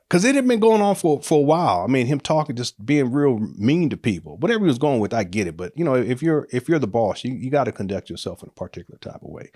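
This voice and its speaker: Middle-aged male storyteller, casual and animated, frequent laughter. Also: mid-range voice, no echo, clean studio sound. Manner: animated, laughs often, acts out quotes with raised voice.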